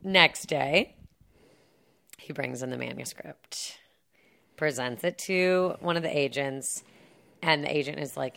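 A woman's voice: low-pitched, creaky, fairly bright tone. A young woman casually and sarcastically recapping a film plot, full of "like" and laughter, briefly acting out the characters' lines. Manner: chatty and sarcastic, lots of "like" and laughs, acts out lines in quick put-on voices. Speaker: podcast co-host recapping a film. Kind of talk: casual chat.

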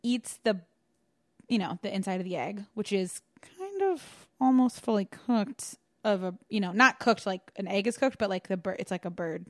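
A woman's voice: medium pitch, expressive, moderate pace, no echo, clean studio sound. A young woman casually recapping a film on a podcast, rambling with lots of fillers and laughing often. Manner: giggly, rambling, many fillers and quoted voices. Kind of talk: casual comedic recap chat.

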